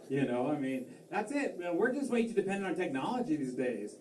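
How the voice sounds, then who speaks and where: Rambling stand-up comic in a roomy club. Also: male voice, fairly high pitch, sing-song, a little fast, a little mellow, a little hiss or hum. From Massachusetts. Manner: rambling, self-deprecating, lots of fillers and restarts. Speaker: stand-up comedian. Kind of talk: stand-up comedy set. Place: comedy club stage. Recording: roomy club sound from a distance, faint crowd ambience.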